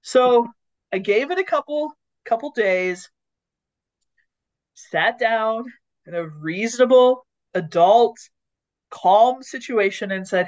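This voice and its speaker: Animated woman, dull lo-fi podcast audio. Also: fairly high pitch, takes it slowly, pauses often. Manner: animated storyteller who acts out quoted lines. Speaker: podcast co-host. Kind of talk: casual conversation on leadership.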